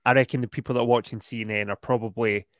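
A man in his forties talks earnestly in a mid-pitched voice, explaining his view during a casual podcast chat. The sound is dry but slightly dull and lo-fi. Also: steady tone, racing, dry recording. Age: 40s.

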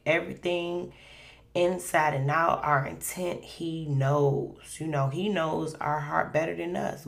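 Woman host, low and gravelly, chatty faith-podcast storyteller who rambles with lots of fillers. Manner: rambling, conversational, many fillers.

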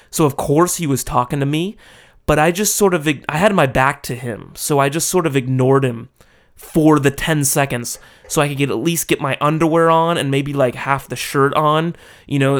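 A man's voice: a little high, a bit bright. An American man in his thirties, casually telling rambling, self-deprecating funny stories as a podcast host, often laughing. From United States. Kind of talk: casual storytelling.

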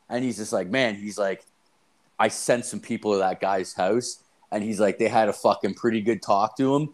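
A man's voice: medium pitch, fairly quick. A young man telling a story in casual chat, rambling and swearing with lots of fillers.

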